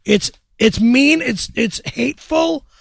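A man who speaks in angry, stammering outbursts and shouts. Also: very high voice, slow pace, creaky, slightly rough, no echo.

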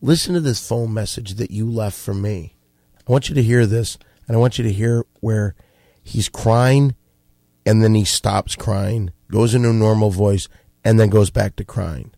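A man's voice: lowish voice, moderate pace, vocal fry, mellow, no echo, studio quality. A man hosting a podcast, talking bluntly and profanely as he scolds a guest. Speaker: podcast host. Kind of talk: casual chat.

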